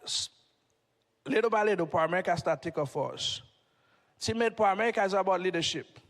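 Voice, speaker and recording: High-voiced man preaching in a reverberant hall. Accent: Haitian. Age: middle-aged. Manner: preachy, fires rhetorical questions at the audience. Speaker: motivational speaker. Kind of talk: stage motivational speech.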